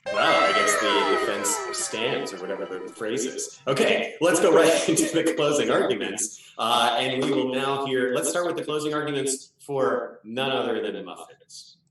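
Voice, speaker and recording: A man hosting an online improv comedy show as a mock judge, running the rounds in a brisk, playful way. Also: mid-range voice, big pitch swings, fairly bright tone. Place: home room on a video call. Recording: echoey room, far from mic.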